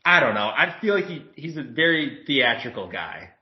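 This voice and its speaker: A man co-hosting a casual sports podcast, talking bluntly and swearing freely. His voice is at an ordinary pitch for a man. The sound is dull and lo-fi, with a noticeable room echo. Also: big pitch swings, moderate pace. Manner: blunt, profane, laughs often. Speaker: podcast co-host. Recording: dull, lo-fi, roomy.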